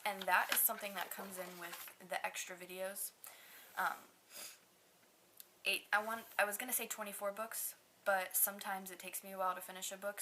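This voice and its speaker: A woman's voice: mid-range voice, sharp tone, slight background noise. A nineteen-year-old woman in casual vlog talk, chatty and rambling, poking fun at herself. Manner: chatty and rambling, self-mocking. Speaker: vlogger.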